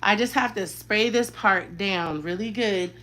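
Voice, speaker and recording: A woman's voice: mid-range voice, unhurried, a bit bright, rough recording. A woman in her thirties, a mother chatting frankly in a slangy, talkative way while she does her daughter's hair. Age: 30s. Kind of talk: casual chat while styling hair.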